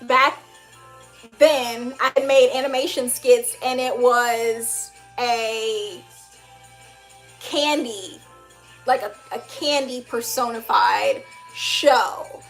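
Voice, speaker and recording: A young woman chats on her livestream, reading comments aloud and answering them with bouncy, slangy enthusiasm and frequent laughter. Her voice sits high and bright, and faint music plays underneath. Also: drawn-out words. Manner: animated and upbeat, laughs often, uses slang. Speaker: livestream host, animator.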